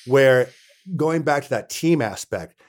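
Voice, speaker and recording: A man's voice: medium pitch, animated, slow. A man, an actor being interviewed, telling stories from set and acting out what others said to him. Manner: storytelling, acting out others' quoted lines. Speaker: actor guest. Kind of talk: casual interview conversation.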